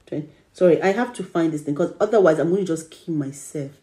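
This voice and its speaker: A woman co-hosting a casual chat podcast, talking in a low, mellow voice. She is opinionated and rambling, and often restarts her sentences mid-thought. The room around her sounds echoey. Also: a little fast. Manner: chatty, opinionated, trails off while searching her notes. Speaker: podcast co-host. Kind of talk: casual chat about dramas.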